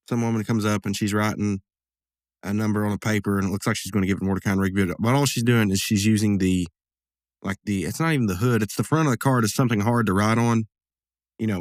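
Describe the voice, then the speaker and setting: Low-voiced rambling man recapping. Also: no room sound, clean studio sound. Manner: rambling, full of fillers and asides. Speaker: podcast host. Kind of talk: casual episode recap.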